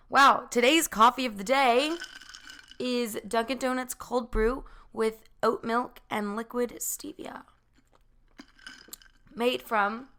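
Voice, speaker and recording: Raspy hoarse young woman podcaster. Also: fairly high pitch. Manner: chatty, rambling, talks loud. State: hoarse from talking loud. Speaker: podcast host. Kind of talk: casual chat podcast.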